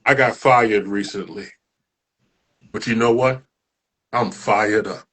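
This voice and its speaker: Man, poetry show host, spoken-word performer, husky bright tone, dramatic delivery. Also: on the low side, fairly even intonation, slow pace.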